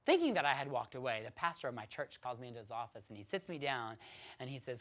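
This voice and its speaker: Brief: a man of average pitch, lively and dramatic as he tells his own story. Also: quick pace. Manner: animated, laughing, dramatic. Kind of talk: personal storytelling to an audience.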